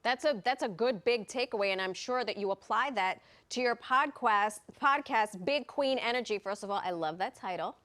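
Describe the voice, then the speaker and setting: A woman's voice: on the high side, normal speed, hardly any pauses, a bit bright. A woman hosting a TV news interview, chatty and enthusiastic, often affirming her guest. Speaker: news show host.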